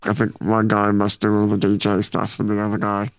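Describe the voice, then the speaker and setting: Young man, gravelly voice, dry close sound, laid-back podcast co-host. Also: lowish voice, monotone, fairly quick, no room sound. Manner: brief, laid-back remarks. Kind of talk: casual chat about music.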